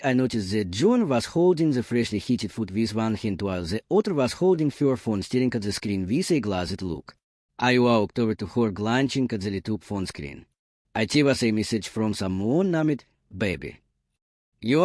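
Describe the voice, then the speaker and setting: Man calmly narrating a story. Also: fairly low pitch, normal speed, no room sound, clean studio sound. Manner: calm, even storytelling. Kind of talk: first-person story narration.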